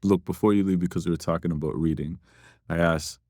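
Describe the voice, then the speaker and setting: A man's voice: low-pitched, fairly even intonation, fast talker, mellow, no room sound, studio quality. A man hosting a podcast interview, easygoing and chatty, laughing along and agreeing often. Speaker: podcast host. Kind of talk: casual interview.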